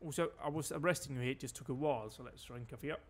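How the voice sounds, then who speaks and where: A man's voice: mid-range voice, rapid-fire. A British man giving chatty live gameplay commentary as a streamer, full of dry, wry asides. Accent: British English.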